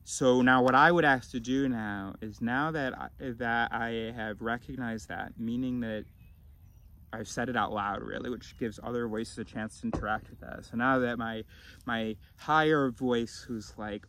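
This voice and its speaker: A man vlogging in a rambling, philosophical monologue, often restarting his sentences and swinging between loud and mumbled. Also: medium pitch, measured pace. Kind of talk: casual rambling monologue to camera.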